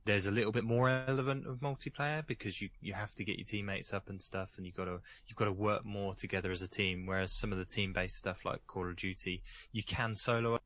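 Male gamer, deeper pitch, earnest explainer on a voice call. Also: steady tone, fairly quick, hardly any pauses, fairly bright tone. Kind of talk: casual gaming chat.

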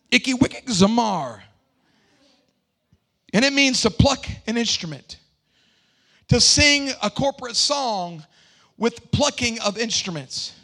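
A young man preaching a live sermon in a church, fervent and shouting, with call-and-response to the congregation. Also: very high voice. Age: young adult. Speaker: pastor. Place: church sanctuary.

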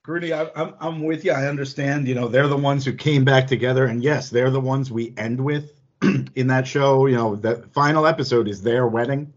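A man's voice: medium pitch, moderate pace. A man chatting casually as a podcast panelist, rambling and correcting himself, with frequent chuckles. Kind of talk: casual chat. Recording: dull lo-fi audio.

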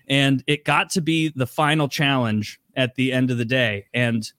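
A man's voice: medium pitch, level tone, normal speed, fairly bright tone, dry recording, studio quality. A man retelling a story in casual chat, rambling, with many "like" fillers and frequent swearing.

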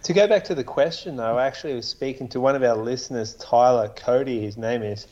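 This podcast co-host has a medium-pitched, brisk, slightly mellow voice, heard on a muffled recording. He rambles casually about running, restarting sentences and saying "like" a lot.

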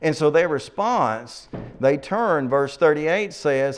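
A man leading a Bible study, reading scripture aloud slowly and asking his listeners questions. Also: on the high side, expressive, smooth. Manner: reads scripture aloud slowly, then asks the class questions.

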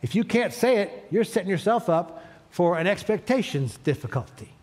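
A man's voice: high-pitched, expressive, normal speed, a little mellow. A man preaching a sermon as pastor, leading his congregation in call-and-response. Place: church sanctuary.

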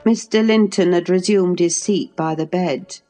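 Woman reading an audiobook, measured. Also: on the low side, mellow, faint music behind. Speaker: audiobook reader. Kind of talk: audiobook narration.

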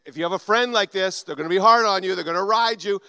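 A man preaching a sermon, animated, acting out quoted voices and swinging between loud and soft. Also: sits high, quick pace, clear, resonant tone, no echo. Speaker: pastor.

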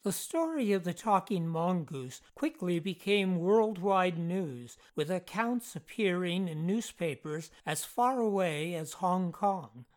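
A narrator reading a scripted true-mystery story in a measured storytelling manner. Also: medium pitch, expressive, darkish tone.

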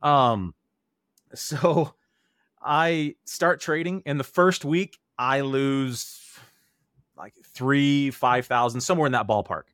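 A man's voice: mid-range voice, takes it slowly, a bit bright, no echo, studio quality. A man in his thirties, an interview guest, telling his own story in a candid, earnest way and acting out remembered quotes.

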